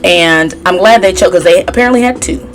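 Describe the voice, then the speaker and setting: A woman's voice: on the low side, a little fast, faint music behind. A woman giving a casual, sassy gossip recap as a tarot reader, chatty and opinionated. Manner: chatty and sassy, mimics cast members in a raised voice.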